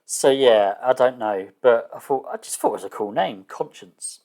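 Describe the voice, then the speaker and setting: A man lays out his solo tabletop game in a relaxed, thinking-aloud way. His voice sits at an ordinary middle pitch, and he trips over restarts and fillers. He is a little unsure of himself and pokes fun at his own gaps in knowledge. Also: normal speed. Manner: hesitant, many fillers and restarts; self-deprecating, unsure of terms. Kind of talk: casual thinking-aloud explanation.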